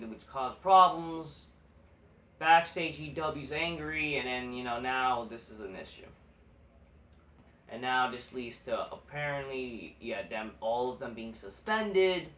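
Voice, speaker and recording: Picked up from a distance in an echoey room, this man vents profanely about the latest wrestling news, rambling, exasperated and constantly restarting. He's a wrestling vlogger with a medium-pitched, fairly bright voice, and he talks a little slowly.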